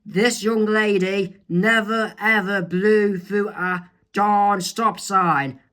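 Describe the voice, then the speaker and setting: A man's voice: high-pitched, steady tone, slow, sharp tone, exaggerated voice. Man als een strijdlustig tienermeisje. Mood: indignant. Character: Sharon, feisty teen girl defending a stranger.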